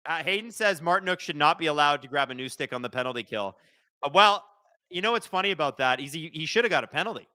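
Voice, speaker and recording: A young man hosting a live watch-along of a hockey game, calling the plays fast and shouting at the referees. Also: on the high side, no echo, clean studio sound. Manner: excitable, shouts and swears at the referees.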